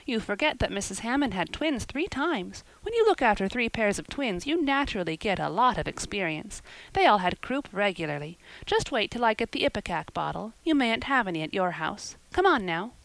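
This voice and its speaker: A woman's voice: medium pitch, big pitch swings, brisk, creaky, few pauses, no room sound, rough recording. A woman voicing a chatty, imaginative young girl in a story reading, talking eagerly in long run-on sentences. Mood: brisk. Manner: eager, run-on, wordy talk.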